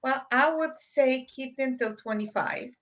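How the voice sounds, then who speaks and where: A woman's voice: sits high, measured pace, fairly bright tone. A middle-aged woman co-hosting a podcast, giving plain-spoken advice in casual chat. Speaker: podcast co-host.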